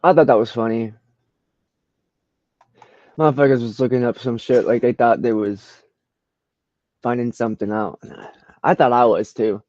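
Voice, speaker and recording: A man in a laid-back screen-share session, full of slang and swearing, breaking into loud disbelief at what he finds. His audio is dull and lo-fi, with a dry, close sound. He talks at a mid pitch. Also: steady tone, moderate pace, long pauses, no echo. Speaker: vlogger browsing trending searches. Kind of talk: casual screen-share commentary.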